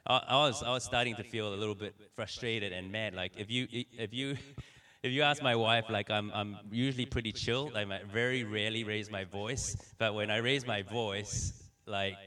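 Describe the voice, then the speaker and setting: A male pastor delivering a sermon in an animated, storytelling manner, acting out conversations as he goes. His voice sits a little low yet comes across bright and forceful. The recording catches him from some distance away from the microphone. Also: moderate pace. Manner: animated, acts out dialogue in stories. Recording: voice somewhat distant from the mic.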